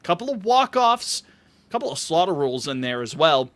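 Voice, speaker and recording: A man's voice: a little high, very animated, moderate pace, a bit bright. A man hosting a casual podcast over a call, upbeat and joking with rambling asides. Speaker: podcast host.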